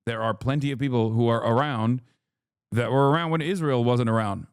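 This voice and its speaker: A man streaming a reaction video, talking loosely and profanely, with many fillers and lively jumps when he quotes people. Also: mid-range voice, a little fast, smooth, no echo, studio quality. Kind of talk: casual reaction commentary.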